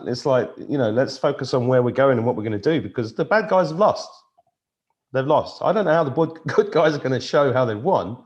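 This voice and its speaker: A man's voice: medium pitch, a little mellow. Emotional man hosting a live video call. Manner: emotional, laughing, restarts sentences. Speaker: host of a live online meeting. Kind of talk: casual live-stream chat. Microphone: computer video call.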